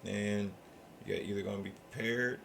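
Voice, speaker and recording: A very deep male voice with a gravelly, fried edge, talking casually as a podcast host. He rambles loosely and swears freely, slipping into acted-out quotes as he goes. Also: fairly even intonation, moderate pace, a bit bright, slight background noise. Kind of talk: casual chat.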